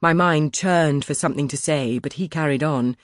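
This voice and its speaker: A man reading a first-person historical audiobook in a measured, expressive storytelling manner, close to the microphone. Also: on the high side, dry recording. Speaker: audiobook narrator. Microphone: close studio mic.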